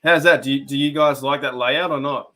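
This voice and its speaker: An Australian man hosting a live stream, giving excitable play-by-play and chatty asides to his viewers. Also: medium pitch, brisk. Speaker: streamer and host. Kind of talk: live reaction commentary.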